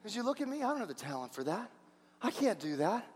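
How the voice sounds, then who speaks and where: A preacher acting out a fearful, hesitant man who stammers and protests that he can't do what he's asked, in a hushed voice. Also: sits high, big pitch swings, quick pace, breathy edge, in a large hall, full character voice. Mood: timid, protesting.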